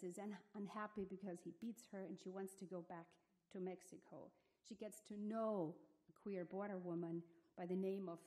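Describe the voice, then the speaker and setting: Woman speaker at a symposium, mellow tone, hesitant academic delivery with lots of restarts. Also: mid-range voice. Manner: thoughtful, hesitant, many fillers and restarts. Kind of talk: academic conference talk. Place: museum symposium hall.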